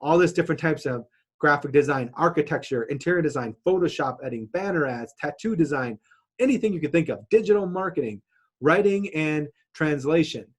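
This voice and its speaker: A man's voice: a little high, slightly rough. Upbeat man teaching a marketing lesson. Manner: casual, storytelling with restarts and fillers. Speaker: marketing instructor. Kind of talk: online course lesson.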